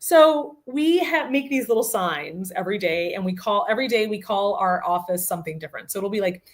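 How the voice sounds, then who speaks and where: Lively woman telling a comic story. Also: medium pitch. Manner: animated, laughing often, quick asides. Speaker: podcast guest. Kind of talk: comic storytelling in casual chat.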